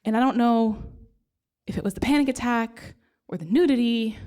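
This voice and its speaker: Woman, live comic storyteller, self-deprecating and animated, voice sits a bit high. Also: normal speed. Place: stage before a live audience.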